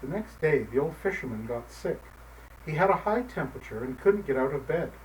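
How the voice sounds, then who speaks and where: A man narrating a folk tale in a gentle, measured storybook manner. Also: on the high side, lively intonation. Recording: distant mic, faint background noise.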